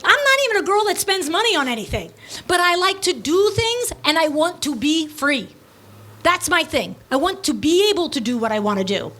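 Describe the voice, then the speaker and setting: High-pitched middle-aged woman telling a story, blunt and chatty, lots of asides. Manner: animated, breezy and blunt, with quick asides and acted-out dialogue. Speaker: podcast host and business owner. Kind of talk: casual storytelling.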